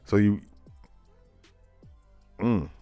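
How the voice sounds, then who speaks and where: Male host, low voice, dry close mic, faint music bed; chatty and amused while reading the news. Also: drawn-out words, warm tone, smooth, no room sound. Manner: laughs often, reads headlines aloud with asides. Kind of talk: casual current-events commentary.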